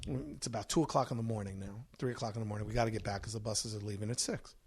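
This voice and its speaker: Gravelly-voiced man telling a wild story. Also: fairly low pitch, racing. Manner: animated, profane storytelling. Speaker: podcast guest. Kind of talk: storytelling in casual chat.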